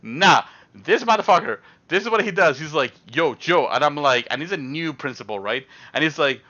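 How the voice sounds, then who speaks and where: Young male streamer, loose rambling storyteller, slightly high bright voice on a dull mic. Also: a little fast. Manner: rambling, animated, lots of fillers and acted-out quotes. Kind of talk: casual storytelling on a live stream.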